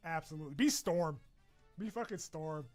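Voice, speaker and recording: A man's voice: a little high, animated, moderate pace, a little mellow. Joking, foul-mouthed male streamer. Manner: loose, profane and jokey, with bursts of laughter. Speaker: streamer reacting to a character wishlist. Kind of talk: casual stream chat. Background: video game music playing.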